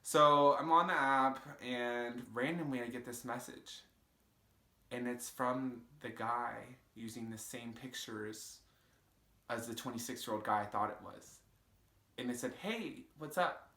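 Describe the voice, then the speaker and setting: Bright young man, echoey room. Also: medium pitch, flat delivery, a little slow. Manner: casual, swearing, lots of "like" fillers. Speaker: vlogger. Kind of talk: storytime vlog.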